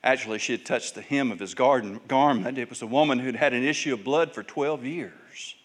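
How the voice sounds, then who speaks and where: This pastor preaches briskly, recounting Bible stories and impersonating the people in them while his pitch and volume swing sharply.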